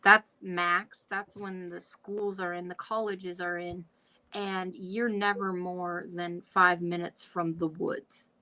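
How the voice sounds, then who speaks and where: A woman from Michigan's Upper Peninsula hosting a casual chat, blunt and quick to swear, laughing often. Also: on the low side, little pitch movement, pushed and bright, low-quality recording. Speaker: vlog host.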